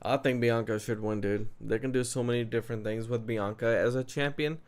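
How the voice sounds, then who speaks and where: A man chatting casually as a show host, with a smooth, clear voice. He is loose and excitable, and he talks like he is on an online call with a friend. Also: medium pitch, brisk. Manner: excitable, laughs often, fillers like "dude" and "man". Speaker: podcast host. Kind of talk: casual wrestling chat.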